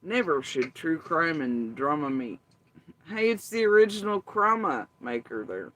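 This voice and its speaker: Slow-talking sarcastic woman. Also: sits low, animated, fairly bright tone, a little hiss or hum. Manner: slow, sarcastic, swears freely. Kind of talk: casual chat.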